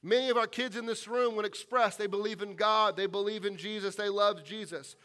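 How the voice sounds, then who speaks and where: A man with a fairly high voice preaching to his congregation. He is earnest and deliberate. He slows right down on the weighty lines and falls to a near hush to land a point. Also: steady tone, clear, resonant tone. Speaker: pastor. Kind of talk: sermon and closing prayer. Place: church sanctuary.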